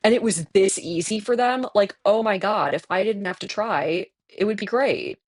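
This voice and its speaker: A streamer in their twenties, hoarse from tonsillitis, chatting candidly with viewers and laughing often while playing a game. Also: mid-range voice, normal speed, no room sound. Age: 20s. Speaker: livestreamer reading chat.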